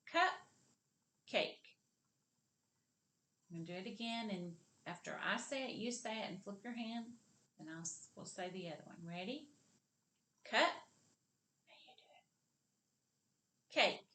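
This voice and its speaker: On a video, a woman teaches a kindergarten literacy lesson in a medium-pitched, slightly bright voice. She speaks slowly and clearly, drawing out each sound and encouraging the children.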